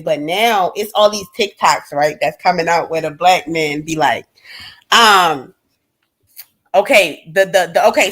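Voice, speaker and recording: Blunt, profane woman ranting on a livestream. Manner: blunt, profane, swings between loud and low. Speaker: livestream host. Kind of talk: casual livestream rant.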